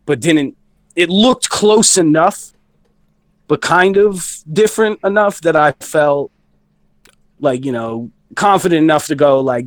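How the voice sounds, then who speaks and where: A man's voice: on the high side, measured pace, dry recording, rough recording. A man recovering from the flu and out of breath, talking in a rambling way full of fillers and swearing as a guest in a casual studio interview. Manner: rambling, many fillers and profanity. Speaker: band member guest. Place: recording studio.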